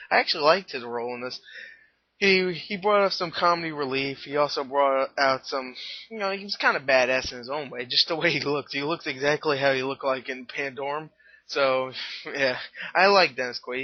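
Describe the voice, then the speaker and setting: A man's voice: medium pitch, no room sound. A tired, slightly out-of-breath man rambles through a casual movie review, laughing and restarting his sentences. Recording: dull lo-fi webcam audio.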